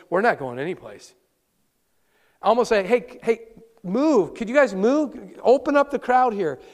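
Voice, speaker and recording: A man preaching a sermon as pastor, earnest and conversational, talking straight to his congregation. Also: high voice. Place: church sanctuary. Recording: long reverb of a large hall.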